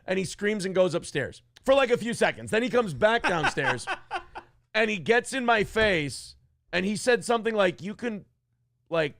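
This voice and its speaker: A man co-hosting a podcast, telling a profane story in casual chat and acting out the shouting of the people he quotes. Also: high voice, very animated, normal speed, vocal fry, a little hiss or hum. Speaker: podcast host.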